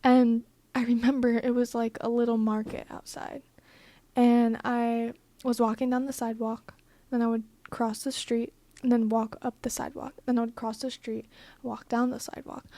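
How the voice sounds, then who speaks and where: Flat-toned young woman, blunt and profane. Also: fairly high pitch, no echo. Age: young adult. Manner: blunt, profane and emphatic, with many filler "like"s. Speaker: vlogger. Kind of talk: casual storytime monologue.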